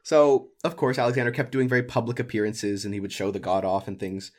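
Guy rattling off an old history story fast, jokey and laughing a lot. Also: mid-range voice, flat delivery, a little mellow. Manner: jokey, laughing, acts out figures in silly voices. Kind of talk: casual history storytelling chat.

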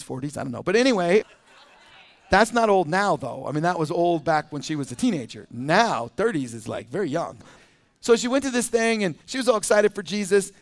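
A man preaching a sermon as teaching pastor in a conversational, animated way with quick asides. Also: sits high. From United States.

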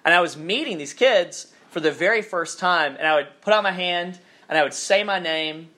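A man's voice: sits high, moderate pace, sharp tone. A man from southern Alabama with a faded Southern accent, giving a chatty, informal sermon as a campus minister and reading scripture aloud. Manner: chatty, self-deprecating, many fillers.

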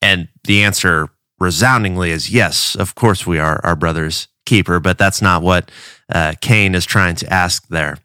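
A man's voice: low-pitched, bright, forceful tone, clear, resonant tone, dry recording, clean studio sound. A man from a church giving a casual devotional talk, earnest and conversational, often restarting his words.

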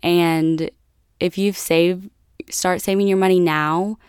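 A woman's voice: lowish voice, steady tone, slow pace, a little mellow, clear, resonant tone, dry recording, studio quality. A young American woman hosting a podcast, chatty and laughing often as she tells a travel story to her listeners. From United States. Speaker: podcast host. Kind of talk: casual solo storytelling.

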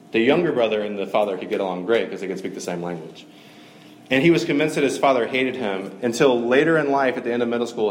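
A man's voice: mid-range voice, a little hiss or hum. A man giving a conversational, earnest sermon, with frequent fillers. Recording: echoey room with faint ambience.

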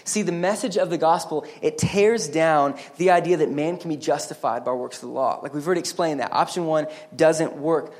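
A man's voice: a little fast, few pauses. A man preaching a sermon as pastor, earnest and emphatic, with casual asides to the congregation. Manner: earnest, emphatic preaching that rises higher and louder on exhortations; conversational asides and checks with the congregation.

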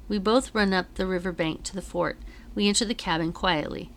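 A woman teacher reading a novel aloud to her class in a measured storytelling voice with dramatic emphasis. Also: lowish voice, fairly even intonation, gravelly, a bit bright.

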